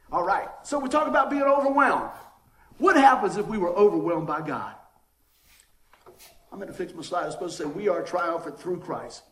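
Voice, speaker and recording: A man preaching a sermon in a church, animated and folksy, often asking the congregation for an "amen.". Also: high-pitched, echoey room. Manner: folksy, down-home phrasing. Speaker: pastor. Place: church sanctuary.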